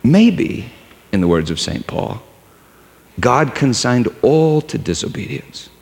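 A man's voice: mid-range voice, gravelly, darkish tone. A male preacher delivering a sermon in a storytelling way that builds to impassioned peaks. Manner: storytelling, rising to impassioned climaxes. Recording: long hall reverb.

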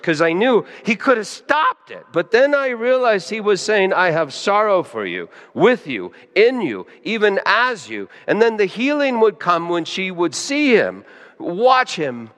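A man preaching a sermon, dropping to hushed, quiet lines and then rising sharply into loud, high emphasis. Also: wildly swooping pitch, a little slow, long reverb tail. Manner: emotional, swings between soft hushed lines and sudden loud high emphasis. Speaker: pastor.

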